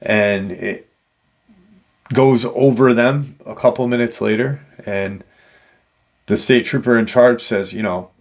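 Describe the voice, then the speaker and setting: A man retelling an encounter story as a paranormal show host, halting and leaning on "you know" fillers. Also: mid-range voice.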